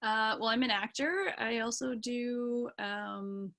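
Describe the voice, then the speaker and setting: A woman's voice: a little high, fairly even intonation, slow pace, a bit bright. A young woman from British Columbia, an actor and singer, chatting casually as an interview guest over a video call and rambling with lots of ums and yeahs. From British Columbia, Canada.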